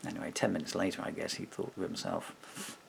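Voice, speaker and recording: A man telling a story straight to camera in an animated, casual way, acting out what others said and chuckling between points. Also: sits low, fairly quick, gravelly, slight background noise. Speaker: vlogger.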